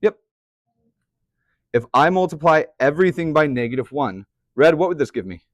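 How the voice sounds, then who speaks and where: A man's voice: on the high side, lively intonation, normal speed, dry recording. A young man teaching a math class, chatty, often putting questions to the students. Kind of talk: classroom lecture.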